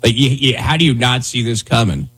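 A brisk, expressive male radio host with a medium-pitched, fairly bright yet husky voice rambles through easygoing banter. His talk is loose and full of "dude" and "man."

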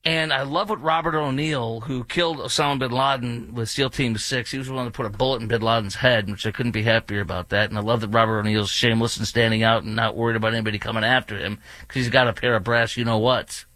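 Bright-voiced indignant radio host. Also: male voice, medium pitch, fairly even intonation, quick pace, few pauses, dry recording. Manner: indignant, ranting with sarcastic asides. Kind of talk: opinionated radio commentary.

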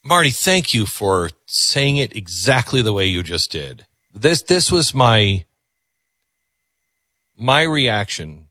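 A man's voice: fairly low pitch, big pitch swings, takes it slowly, pushed and bright, no room sound. A man hosting a call-in radio talk show, earnest and reflective, often repeating words as he gathers his thoughts.

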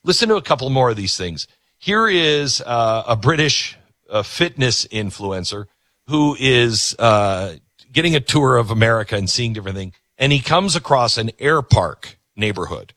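A man's voice: mid-range voice, animated, normal speed, fairly bright tone, dry recording, clean studio sound. A man hosting a show, commenting emphatically on clips he plays. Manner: emphatic, preachy. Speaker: commentator host.

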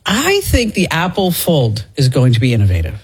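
A woman's voice: low-pitched, huge pitch swings, moderate pace, husky. A woman hosting a tech radio show, chatting casually and upbeat, laughing often. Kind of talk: casual on-air banter.

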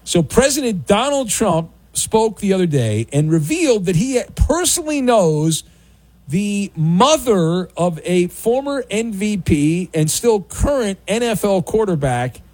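A male sports radio host with a higher, very animated voice that leaps up and down in pitch. He talks briskly and bounces from one caller to the next story. The sound is dry and close. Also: no room sound. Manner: brisk, bantering, jumps between callers and news.

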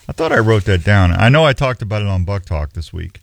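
A man's voice: on the low side, animated, quick pace, creaky, no echo. A middle-aged man hosting a show in a rambling, folksy, self-mocking way. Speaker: radio show host. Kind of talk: casual on-air chat.

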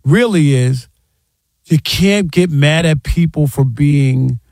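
A man hosting sports talk radio, arguing his point emphatically and acting out fans yelling. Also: fairly high pitch, slow, dry recording, studio quality. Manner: emphatic, argumentative, acts out fans' yelling.

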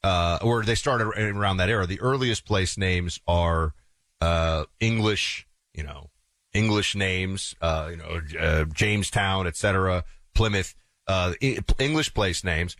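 A man from the Northeastern US co-hosting a talk show, chatting casually and wandering off into animated storytelling asides. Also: low voice, unhurried, no room sound. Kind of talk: casual conversational chat.

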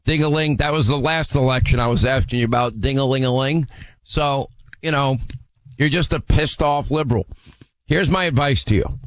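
A male talk radio host with a middle-pitched voice, firing questions at a caller. He is brusque and mocking. The sound is dry and close, with no room around it. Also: normal speed, no room sound. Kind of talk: combative call-in radio talk.

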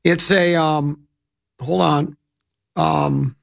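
A man's voice: fairly high pitch, animated, moderate pace, vocal fry, fairly bright tone, breathy edge. A man hosting a radio talk show, telling rambling, chatty anecdotes into a studio microphone. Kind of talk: casual radio storytelling.

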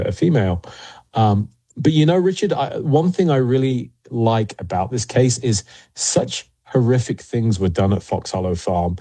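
A man as an interview guest, telling investigation stories in a measured way with frequent pauses and fillers. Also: fairly low pitch, warm tone, breathy edge, dry recording. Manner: measured, many fillers and restarts. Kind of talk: interview storytelling.

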